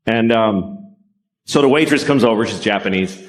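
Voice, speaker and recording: A man's voice: lowish voice, normal speed. A man doing a stand-up comedy routine, profane and sardonic, with rambling rants.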